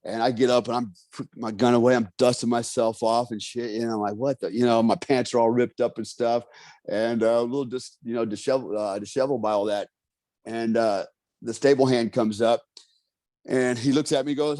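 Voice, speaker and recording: A man with an average-pitched voice spins a profane, animated story and slips into the voices of the people he quotes. The recording is dry and close. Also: fairly quick, no echo. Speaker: guest. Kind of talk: casual storytelling.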